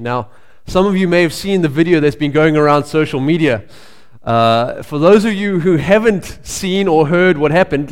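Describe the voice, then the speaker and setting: A male pastor preaching a sermon in a conversational storytelling way, pausing with frequent fillers. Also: a little high, smooth. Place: church sanctuary. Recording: long reverb of a church hall.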